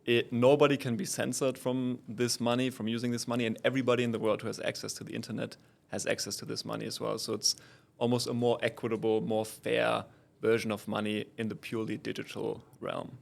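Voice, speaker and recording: A man with a German accent, a guest expert who explains things calmly and in a measured way in a podcast interview. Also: medium pitch, gravelly.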